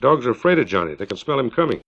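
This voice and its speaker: A man reading the part of a calm, matter-of-fact farmer in a short story, voicing him only lightly. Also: medium pitch, racing. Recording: dull lo-fi 1950s LP recording.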